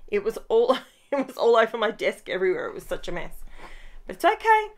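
A woman's voice: mid-range voice, expressive, fast talker. Chatty woman rambling through a craft tutorial. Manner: chatty and rambling, talks to her dog. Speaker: scrapbooking channel host. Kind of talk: casual crafting tutorial talk. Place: home craft room.

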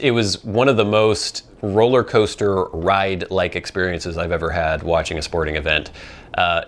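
A young man hosting a casual viewer Q&A, thinking out loud with many ums and restarts. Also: low voice, clean tone. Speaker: pipe tobacco channel host.

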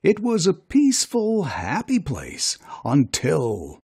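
A narrator reading a children's storybook aloud in an expressive, sing-song way. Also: medium pitch, slow, slightly rough, faint music behind.

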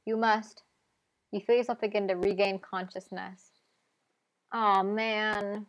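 A woman's voice: mid-range voice, level tone, a little slow. A woman streamer reading a video game aloud on a live stream, with wry, playful asides.

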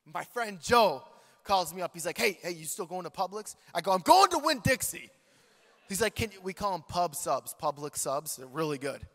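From the pulpit, a male pastor delivers a storytelling sermon, animated and joking as he calls out to his congregation. His bright, forward voice sits high and moves a little fast, ringing with the long reverb of a large church hall.

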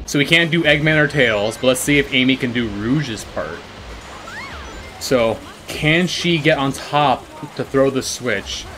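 A man commentating his own gameplay with a voice that climbs steeply into panicked squeals and drops back to calm explanation. He swears freely and jokingly brags about his skill. Faint game music plays underneath. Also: mid-range voice, unhurried. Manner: swings from calm explaining to shrieking panic and laughter; swears a lot, boasts jokingly. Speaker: gaming YouTuber.

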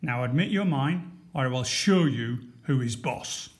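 A man voicing a proud, bossy man in a storybook who insists on owning everything, speaking loudly and insistently. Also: mid-range voice, lively intonation, a little slow, lightly acted. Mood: impatient. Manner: loud, insistent, commanding.

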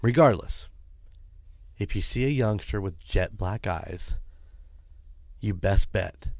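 A man with a fairly low voice reads a creepy story aloud, breaking off now and then for loose, chatty asides. The recording is dry and close, with no room sound. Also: slow, dry recording. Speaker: podcast co-host reading a story. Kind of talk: casual podcast storytelling.

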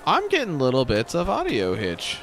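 A man hosting a let's play, commentating his gameplay in an excitable, self-mocking way. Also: medium pitch, normal speed. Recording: game music behind the voice.

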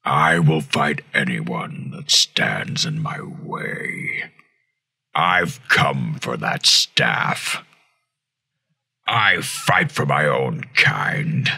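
A man doing an impression of a giant commanding male robot leader through a processed voice effect with tightened bass. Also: lively intonation, very slow, bright, forceful tone, heavily acted. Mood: threatening. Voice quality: booming, gravelly.

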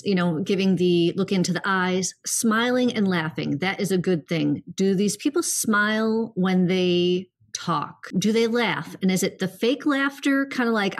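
A woman's voice: mid-range voice, measured pace, few pauses. A middle-aged woman co-hosting a spiritual podcast, talking earnestly in a rambling casual way with many fillers. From United States. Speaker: podcast co-host.

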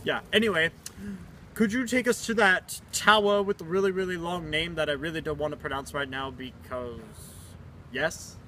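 A man's voice: a little high, normal speed, bright, forceful tone, a little hiss or hum. A young man in a student comedy sketch, rambling and jokey as he gives directions. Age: young adult. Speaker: student actor.

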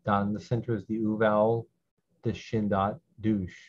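A man teaching a slow Hebrew reading lesson, patiently repeating each syllable so learners can follow. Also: lowish voice, little pitch movement. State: clearing his throat. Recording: dull lo-fi sound.

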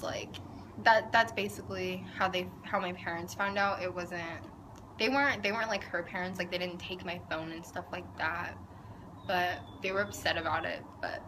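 A teenage girl casually telling a personal story, saying "like" a lot. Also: mid-range voice. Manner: chatty, says "like" a lot. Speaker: vlogger. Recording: audible background noise.

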